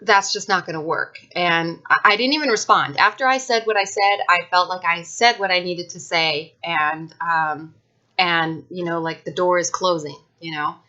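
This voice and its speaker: A woman's voice: lowish voice, steady tone, normal speed, pushed and bright, dull audio. A woman speaking frankly and emphatically about her own experience in a casual talk to camera, with many fillers and restarts. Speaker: vlogger sharing personal experience.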